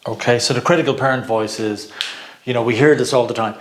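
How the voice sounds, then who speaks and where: A middle-aged man talking through a personal growth lesson in a loose, chatty way. He laughs often and doubles back on words while finding his thought, and his voice sits at an ordinary middle pitch. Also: fast. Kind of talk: informal teaching talk.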